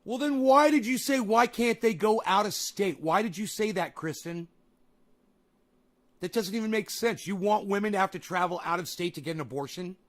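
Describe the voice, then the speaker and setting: Angry, profane streamer ranting at chat. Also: male voice, sits high, animated, a little fast. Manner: profane, exasperated, sarcastic. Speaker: live streamer. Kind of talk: angry live-stream rant reacting to chat.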